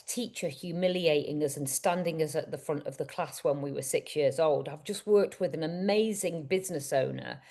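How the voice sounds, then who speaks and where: A woman's voice: fairly low pitch, dark tone. A woman coach giving a motivational summit talk. She speaks earnestly and keeps turning to the audience with questions.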